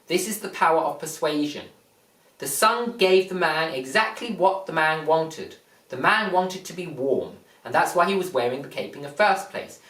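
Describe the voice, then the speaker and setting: Retelling a fable with heavy repetition, this motivational speaker explains the lesson in plain, emphatic terms. The mic sits far away in an echoey room, capturing a mid-range, slightly bright voice.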